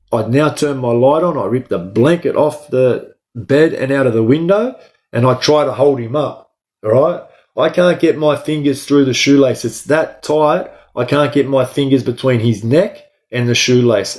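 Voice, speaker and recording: A man's voice: medium pitch, a little mellow. A man with an Australian accent, a guest in an interview, telling a story from his time in prison in a blunt way, swearing often and checking in with "right?".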